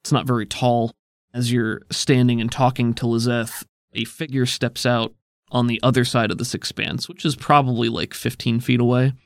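A man's voice: medium pitch, no echo, studio quality. A man running a tabletop role-playing game as game master, steadily describing scenes and explaining the rules. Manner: descriptive, steady storytelling with quick rules asides.

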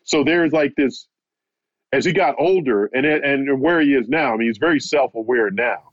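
An American man, a boxing reporter appearing as an interview guest, tells an anecdote in a middling pitch at a moderate pace. He's animated and keeps repeating "he said" as he retells it, and the recording sounds dry, muffled and lo-fi with no room sound.

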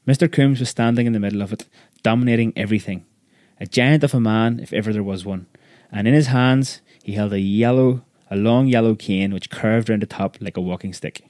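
A man's voice: on the low side, darkish tone, no echo. Man reading a story aloud, dry. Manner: measured, vivid storytelling. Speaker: narrator.

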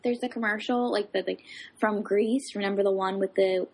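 This is a woman in a relaxed, casual chat, telling a story in a loose, rambling way. She leans on fillers and asides as she goes. Her voice has a gravelly, slightly husky texture. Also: medium pitch, moderate pace.

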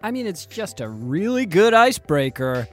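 A man's voice: high-pitched, normal speed, soft background music. A man co-hosting a casual podcast, with playful, wry remarks. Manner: playful, wry, lively delivery. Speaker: podcast co-host.

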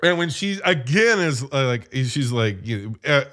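A man chatting casually about a movie, animated and profane, retelling scenes as he goes. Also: mid-range voice, moderate pace. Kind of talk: casual movie review chat.

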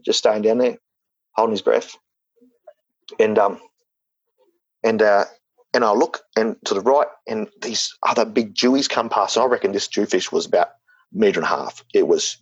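A man's voice: lowish voice, breathy edge, dry recording, highs cut off. A man telling a story in casual talk, rambling with lots of fillers and restarts. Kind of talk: casual spoken anecdote.

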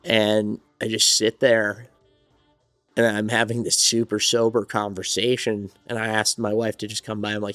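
Male interview guest from New Jersey, lower register, loose reflective storyteller; dry close recording. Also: completely flat delivery, normal speed, a bit bright, no echo, faint music behind. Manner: rambling, reflective storytelling with many restarts. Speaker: songwriter and studio owner, interview guest. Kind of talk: casual interview conversation.

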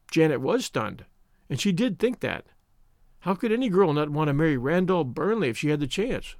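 A man narrating a storybook as an audiobook in a measured, expressive way. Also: a little high, no room sound, studio quality.

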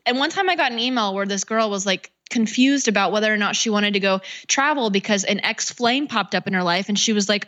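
Animated woman coach in casual chat. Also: medium pitch, a little fast, few pauses, lo-fi sound. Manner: casual, animated, quotes people in voices. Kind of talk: podcast interview.

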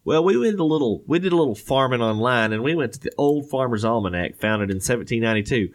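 A man's voice: mid-range voice, animated, fast talker. A man hosting a podcast in casual chat, rambling and joking with lots of fillers. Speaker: podcast host.

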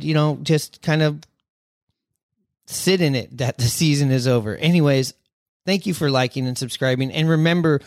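A man's voice: medium pitch, no room sound, clean studio sound. A man hosting a podcast in a loose, rambling way, full of fillers and the odd curse, from a memorabilia-filled room at a friend's house. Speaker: podcast host. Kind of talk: casual podcast chat.

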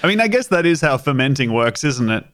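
A man's voice: mid-range voice, very animated, quick pace, fairly bright tone, smooth. A man co-hosting a podcast, riffing jokes in casual chat and laughing often. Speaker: podcast co-host.

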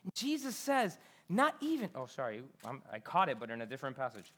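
Expressive woman preaching a sermon. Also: a bass voice, fairly quick. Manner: expressive, swings between loud scripture reading and quiet asides; conversational, asks the congregation questions. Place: church.

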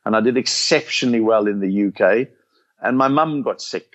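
An older South African man tells stories from his comedy career in an easygoing interview. He acts out the voices in his anecdotes with animated bursts. The sound is a little dull and lo-fi. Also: medium pitch, brisk. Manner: animated anecdotes, acting out quotes. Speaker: comedian guest. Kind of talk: storytelling interview chat.

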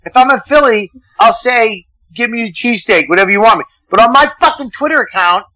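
A man's voice: sits high, expressive, fast, no echo, low-quality recording. A man from Boston with a Boston accent, calling in as a guest comedian and arguing in profane, casual banter. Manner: profane, loud and argumentative, keeps interrupting. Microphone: phone call.

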